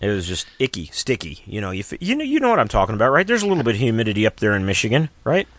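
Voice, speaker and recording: A man hosts a relaxed radio talk show, his pitch rising and falling a lot as he rambles through stories and jokes. His voice is dry and close, with no room around it. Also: rapid-fire, no echo. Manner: rambling, joking storyteller. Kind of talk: casual on-air chat.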